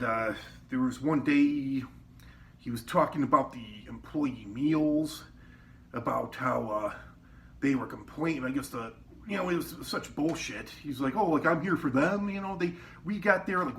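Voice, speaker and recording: A man's voice: mid-range voice, unhurried. A man telling rambling, profane stories about his old kitchen job in a casual way. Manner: rambling, quotes people in raised voices, swears often. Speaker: former cook telling work stories. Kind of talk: casual storytelling. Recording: distant mic with faint background noise.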